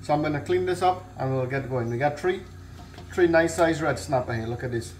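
A man with a Guyanese accent hosting a home cooking channel, telling a long joke in an easygoing, relaxed way before cooking. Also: on the high side, a little fast, slight background noise. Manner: easygoing storyteller, relaxed creole grammar. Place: home kitchen.

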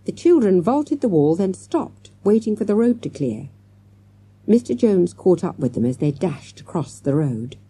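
Warm, lively woman reading a storybook. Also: fairly low pitch, normal speed, breathy edge, no room sound. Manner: lively, acts out character lines. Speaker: audiobook narrator. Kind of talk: storybook narration.

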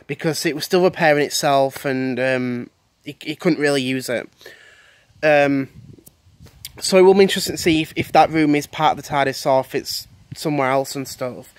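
Rambling young man, slightly high. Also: no room sound. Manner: rambling, many fillers and repeated words. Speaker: vlogger. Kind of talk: casual video commentary.

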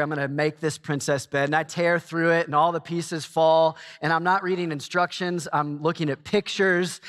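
A man in his forties preaching a sermon in a church, telling a self-mocking story with lively energy. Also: sits high. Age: 40s. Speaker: pastor. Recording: long hall reverb.

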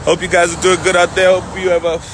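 A man's voice: sits high, level tone, fast, noisy background. A man talking casually to a phone camera outdoors, laid-back and slangy, with music playing underneath. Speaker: vlogger on a family trip. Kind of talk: casual vlog chat. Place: outdoors on city streets and in a theme park.

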